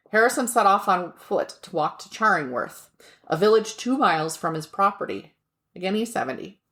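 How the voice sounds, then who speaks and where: A woman from the United States co-hosts a podcast, her voice lowish and fairly bright. She tells a story casually and jokingly, chatty and laughing, cursing now and then and joking about pronunciation.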